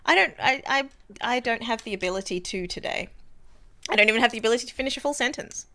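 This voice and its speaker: A woman's voice: fairly high pitch, quick pace, sharp tone. A woman in casual chat with other players, rambling and making fun of herself. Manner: chatty, self-mocking, rambling.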